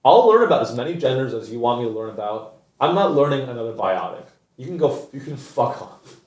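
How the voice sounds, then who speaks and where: A man's voice: mid-range voice, sing-song, brisk. Exasperated man ranting in an echoey room. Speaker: comedian host. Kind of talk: ranting comedic monologue. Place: studio. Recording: echoey new studio, botched audio.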